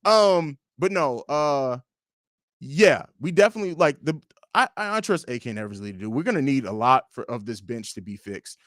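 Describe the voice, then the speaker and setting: A young man hosting a casual fan livestream from his home studio, reading out viewer comments and trash-talking with profanity, his delivery swinging between loud bursts and low mumbles. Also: big pitch swings, normal speed, no room sound. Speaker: livestream host.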